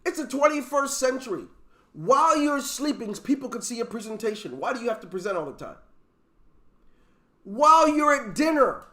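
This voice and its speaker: High-voiced man giving a preachy pep talk. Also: animated, fast talker, fairly bright tone. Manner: emphatic, preachy, full of rhetorical questions. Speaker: network marketing team leader. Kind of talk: motivational leadership talk. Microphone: video call.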